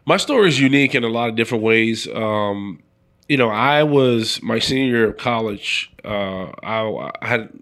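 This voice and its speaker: A man's voice: on the low side, lively intonation, normal speed, fairly bright tone. A middle-aged man, a former pro football player, telling a long story in a casual interview and acting out the voices of the people in it.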